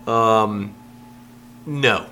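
Deep, bright-voiced podcast co-host man. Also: drawn-out words, slight background noise. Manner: blunt, short agreeing replies. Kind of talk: casual podcast chat.

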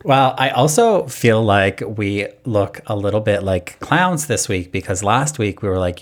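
A man hosting a casual chat podcast, speaking in a measured, explanatory way. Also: lowish voice, expressive. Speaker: podcast host.

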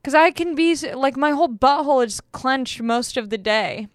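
A woman's voice: high-pitched, lively intonation, normal speed, no room sound, studio quality. A young woman, a comedian hosting a podcast, telling stories in casual, self-deprecating chat. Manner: chatty, self-deprecating storytelling.

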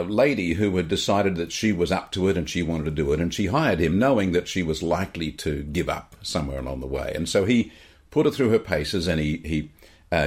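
An Australian man, a podcast co-host, telling a story in casual chat, animated, with frequent restarts. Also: low voice.

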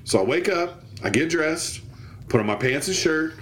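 A man's voice: fairly high pitch, moderate pace, a little hiss or hum. A man telling a stand-up style story from his school days, acting out the voices of the people in it. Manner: animated, acts out quoted voices. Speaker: podcast co-host.

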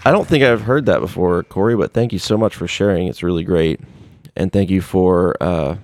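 A man hosting a podcast, casually reading out listener emails and chatting about them with relaxed fillers. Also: sits low, moderate pace, soft background music. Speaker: podcast host.

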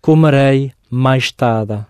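A man's voice: medium pitch, takes it slowly, darkish tone, smooth, no echo, clean studio sound. A man taking part as a student in a language lesson, answering drills carefully and asking questions.

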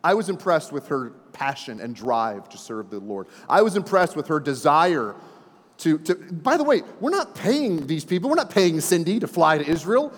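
Speaking at a normal pace with a fairly high pitch, this forty-something pastor tells stories as he preaches. His manner is lively and folksy, chatting with the congregation in a church sanctuary whose hall reverberates.

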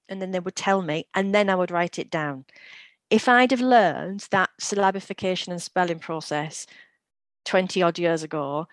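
Low-voiced woman explaining teaching tips. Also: normal speed, dry recording. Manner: practical, explains with classroom examples. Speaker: guest, education company CEO. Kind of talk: podcast interview.

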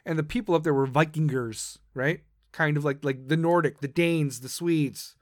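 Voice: medium pitch, moderate pace, dry recording, studio quality. A podcast host delivering a profane, combative political rant.

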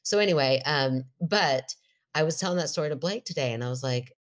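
Middle-aged woman, podcast co-host, very deep voice, lively storyteller. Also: brisk. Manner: animated storyteller, laughs often, quotes herself in a raised voice. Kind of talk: casual chat, storytelling.

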